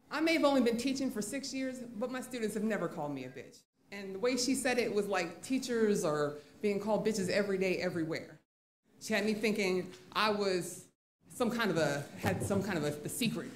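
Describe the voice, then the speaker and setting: A woman's voice: medium pitch, lively intonation, a little fast, slight background noise. A woman teacher telling a candid, conversational story on stage at a live event. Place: live event in a museum venue. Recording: echoey live venue.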